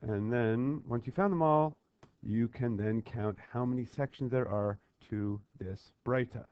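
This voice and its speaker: A male teacher talking students through a worksheet on a Talmud text, with lively call-and-response drills and repeated checks for understanding. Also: mid-range voice, unhurried, clear, resonant tone, no echo. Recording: dull lo-fi voice recording.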